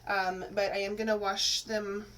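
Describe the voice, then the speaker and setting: A Texas woman who teaches and vlogs chats her way through a hair-dye tutorial, rambling with plenty of fillers and restarts. Her voice is mid-range and fairly bright, with flat delivery at a normal speed. The mic sits slightly distant, and faint room noise comes through.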